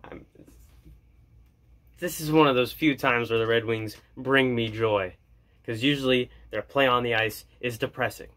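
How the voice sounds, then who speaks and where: A man vlogging as an excited hockey fan, gushing and jokey, repeating his lines. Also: medium pitch, a little slow, long pauses. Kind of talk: excited fan commentary to camera.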